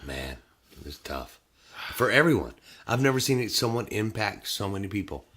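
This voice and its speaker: Animated, bright-voiced male podcast host. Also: fairly low pitch, moderate pace, slightly rough. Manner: animated, laughing storyteller. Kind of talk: casual chat.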